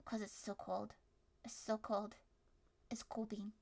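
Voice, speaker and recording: A young woman streamer improvising a story with her chat in a playful, animated way, at times loud and at times hushed. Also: medium pitch, unhurried, vocal fry. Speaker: streamer running an interactive story.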